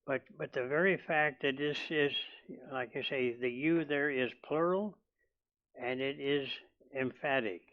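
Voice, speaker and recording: A man preaching a sermon in a church, talking slowly and deliberately, often restarting his sentences. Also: mid-range voice, phone-quality sound. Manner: slow and deliberate, with many restarts. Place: church hall.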